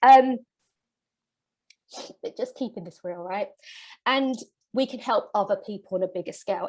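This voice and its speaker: A woman business coach giving an earnest, motivational masterclass, getting emotional as she talks. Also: medium pitch. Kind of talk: live masterclass presentation.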